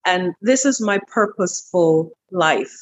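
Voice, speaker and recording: Middle-aged woman chatting in an interview, animated storyteller, repeats herself a lot, voice jumps around. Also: a little slow. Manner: animated, breaks into high quoted voices, repeats words. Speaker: interview guest, wellness clinic owner.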